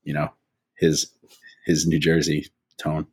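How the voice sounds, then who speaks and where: A man co-hosting a sports show over a remote call, talking in an animated, casual way. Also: a bass voice, slow pace, breathy edge. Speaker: co-host.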